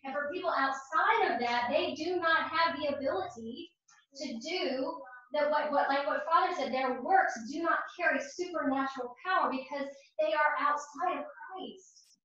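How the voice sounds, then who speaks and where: High-voiced woman teaching a church class, earnest and repeating herself for emphasis, far off mic in a boomy room, kinda muffled. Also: normal speed, fairly bright tone. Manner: earnest, personal storytelling with emphatic repetition. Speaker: catechist. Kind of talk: faith formation class talk. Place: church hall or parish classroom. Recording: echoey room, far from mic, dull sound.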